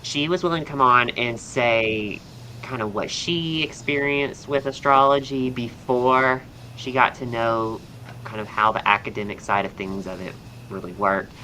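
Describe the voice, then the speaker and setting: A young man with a soft Southern American drawl talks like a podcast host, rambling cheerfully. His voice is bright and forward. Faint background noise sits under the recording. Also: mid-range voice, fairly even intonation, measured pace, poor audio. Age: young adult. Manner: chatty, upbeat, rambling with fillers. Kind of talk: casual chat.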